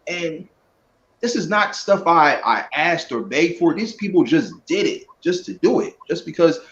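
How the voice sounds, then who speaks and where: A man talking as a guest in a casual live-stream interview, relaxed and earnest, rambling a little. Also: on the high side, unhurried. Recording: dull lo-fi audio.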